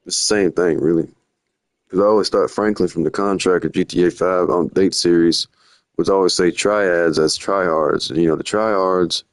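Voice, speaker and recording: A man's voice: deep voice, fairly even intonation, moderate pace, no room sound. A young man rambling through slangy stories while live-streaming. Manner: rambling, slangy, drifting storytelling. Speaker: livestreamer.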